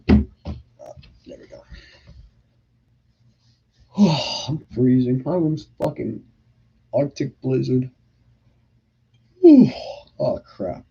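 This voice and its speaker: A man's voice: sits low, mellow, breathy edge, muffled recording. A young man hosting a casual livestream Q&A from his bedroom, reading out chat questions and talking freely with plenty of swearing. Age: young adult. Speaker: livestream host.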